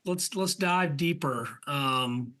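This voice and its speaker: A podcast host in a casual interview, speaking in a reassuring way with halting restarts. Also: medium pitch, pushed and bright.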